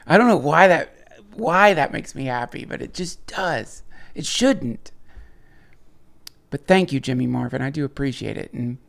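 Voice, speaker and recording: A man's voice: medium pitch, lively intonation, a little slow, vocal fry, fairly bright tone. A man hosting a livestream, rambling casually and profanely with lots of restarts and chuckles while reading viewer chats.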